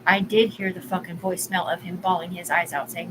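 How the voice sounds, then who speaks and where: A woman's voice: fairly low pitch, little pitch movement, a little fast. A woman in her forties ranting on a live stream, rambling, agitated and profane. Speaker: livestream host. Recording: clear background ambience noise.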